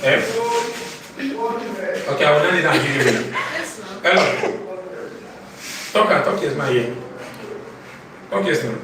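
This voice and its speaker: A man's voice: a little high, animated, unhurried, pauses often, very noisy. A man teaching literature to a live class, firing questions that end in "what?" for the students to answer. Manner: call-and-response questioning, repeating "what?". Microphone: far from the mic. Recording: echoey room, distant mic, audible class.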